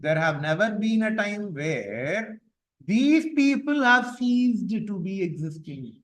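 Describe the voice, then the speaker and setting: A man teaching a class on scripture verses. He explains each point patiently with repetition and chants the verses slowly. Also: high-pitched, very animated, low-quality recording.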